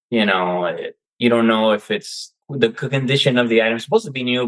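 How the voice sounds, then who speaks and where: A man's voice: medium pitch, rough recording. A man who is a guest coach on an interview show, speaking in casual chat and acting out his own quoted reactions. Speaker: guest, seller turned coach.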